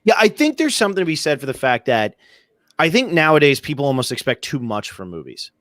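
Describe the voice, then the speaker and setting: A man's voice: a little high, big pitch swings, fast, fairly bright tone, no room sound, clean studio sound. A man co-hosting a podcast, giving his opinions on films in a casual, ranting way. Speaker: podcast co-host. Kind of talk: casual film discussion.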